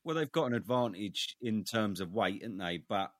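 A man's voice: fairly low pitch, lively intonation, normal speed, no room sound, studio quality. A man co-hosting a boxing podcast, steering the topics and stating firm opinions. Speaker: podcast co-host. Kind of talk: casual boxing chat.

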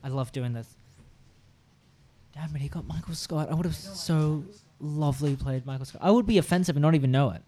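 A man's voice: fairly high pitch, brisk, warm tone. A man hosting an improv party game, chatting and joking as he goes. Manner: chatty, jokey, rambling.

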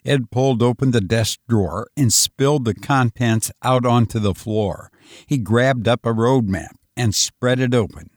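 A man reading a story aloud as narrator, in a measured, dramatic storytelling manner. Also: medium pitch, dry recording, studio quality. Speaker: audiobook reader. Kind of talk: scripted narration.

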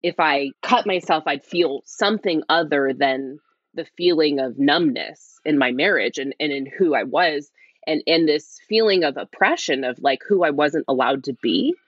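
A woman guest speaking quietly as she tells a candid personal story, rambling with lots of "like" and restarts. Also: low-pitched, moderate pace, no room sound, dull audio. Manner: rambling, heavy use of "like", restarts. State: speaking quietly, half-whispering. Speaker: interview guest.

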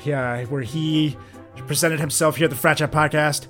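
A man co-hosting a comedy podcast, joking sarcastically and swinging from muttered asides to loud bursts. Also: a little high, steady tone, normal speed, soft background music. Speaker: podcast co-host.

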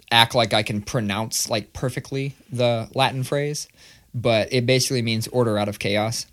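Profane, ranting male podcast host. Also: mid-range voice. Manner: profane, animated ranting storyteller. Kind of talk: casual chat. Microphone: studio microphone.

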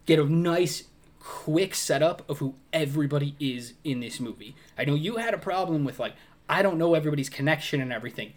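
Animated man acting out movie scenes. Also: on the high side, fast talker. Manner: animated, acts out scenes with voices and grunts. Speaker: podcast co-host. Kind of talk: casual movie review chat.

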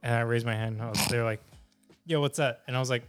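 A man's voice: mid-range voice, little pitch movement, rapid-fire, smooth, faint music behind. A man telling a story in casual chat with friends, joking and swearing freely. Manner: swears a lot, storytelling, jokey.

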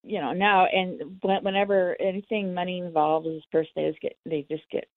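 A woman's voice: fairly low pitch, steady tone, brisk, no echo. A woman telling her own story in an interview, candid and acting out the dialogue. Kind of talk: personal storytelling. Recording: tinny phone line, dry.

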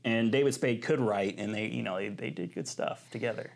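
A man's voice: fairly low pitch, fairly quick, creaky. A man co-hosting a podcast in casual chat, talking with enthusiasm and rambling through restarts and many asides. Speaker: podcast co-host.

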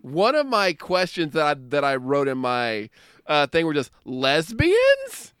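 A man from the United States co-hosting a film podcast in casual chat, animated and jokey. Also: on the high side, moderate pace, clean tone, no echo, studio quality. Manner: animated, jokey, breaks into put-on voices and laughs. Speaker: podcast co-host.

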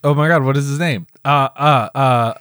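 A man's voice: mid-range voice, moderate pace, a bit bright, clean tone, dry recording, clean studio sound. A man co-hosting a film review podcast, chatting casually in a rambling, self-interrupting way and laughing easily. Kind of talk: casual chat.

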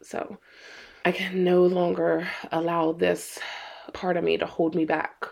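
Middle-aged mom telling her recovery story, low gravelly voice, earnest and frank. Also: flat delivery, a little slow, a little mellow. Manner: earnest, candid, swears for emphasis. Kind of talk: emotional personal talk.

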